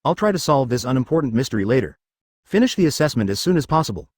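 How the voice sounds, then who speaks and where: A cold, aloof boy ninja, read out by a man. Quick delivery with a lively pitch. The recording is dry. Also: dry recording.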